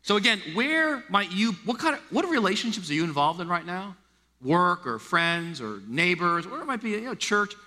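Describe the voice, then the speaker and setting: A middle-aged American man preaching a sermon, animated and acting out the voices he quotes. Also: sits high, normal speed. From United States. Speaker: pastor. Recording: long hall reverb.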